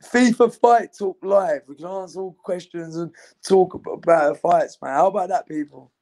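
A man's voice: high-pitched, normal speed, a little mellow. A young man, talking in loose, rambling, laddish banter in an interview. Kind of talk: casual chat.

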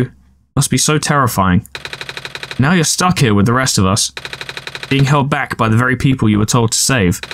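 A man voicing a soft-spoken weary scientist woman. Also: medium pitch, a little hiss or hum, lightly acted.

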